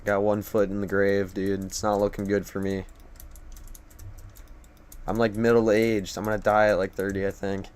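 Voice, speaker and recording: A young man streams a game live from his computer, rambling casually and cracking jokes about himself. His lowish voice is a little mellow and clean in tone, with flat delivery, moderate pace and long pauses.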